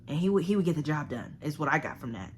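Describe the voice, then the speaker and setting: A young woman, chatting animatedly at home as she reviews a thriller she just read and sometimes dropping to a hushed whisper. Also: low-pitched, animated, fast, a little hiss or hum. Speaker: book vlogger. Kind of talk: casual chat reviewing a thriller. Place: home living room.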